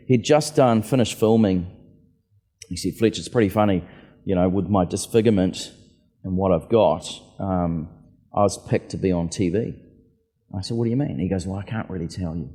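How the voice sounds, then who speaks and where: Speaking fairly quickly in a lowish, warm voice, a man who writes and flies tells casual stories as a guest on a book festival stage. He's chatty and acts out the voices of people from his encounters. The hall sounds reverberant.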